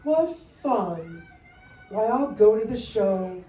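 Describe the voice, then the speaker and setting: A man voicing a lazy, selfish female bird with shrill, indignant squawks, during a storybook reading. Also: animated, takes it slowly, mellow. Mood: delighted. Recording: echoey room, distant mic, background noise.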